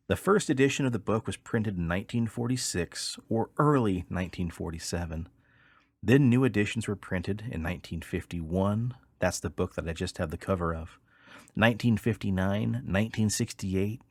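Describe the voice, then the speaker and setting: A man hosting a podcast, narrating a story from his research in a measured storytelling manner. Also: low voice, darkish tone, dry recording, clean studio sound. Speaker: podcast host.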